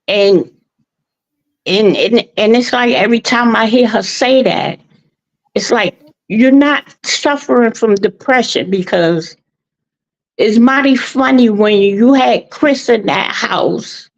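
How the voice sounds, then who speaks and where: A woman calling in to a live show, talking slowly and haltingly, with emotion in her voice. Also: fairly high pitch. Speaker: caller. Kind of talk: call-in commentary. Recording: muffled call-in line.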